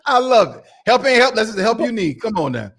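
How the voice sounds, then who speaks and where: A man hosts a talk show, cheering his guest on with energetic, emphatic agreement. His pitch swings widely as he jokes and reacts. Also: brisk, slight background noise. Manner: lively backchannel, emphatic affirmations. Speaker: host. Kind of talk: casual chat.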